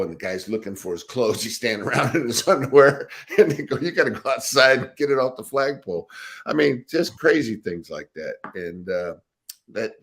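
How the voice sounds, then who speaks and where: An older man, a former football linebacker, telling laughing stories in a casual interview. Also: on the low side. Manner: laughing, animated anecdotes with acted quotes.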